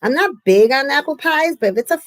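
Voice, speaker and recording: A woman's voice: high-pitched, animated, fast talker, no echo, rough recording. A woman from the United States chatting casually and effusively on a live stream, often laughing. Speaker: crafting livestream host.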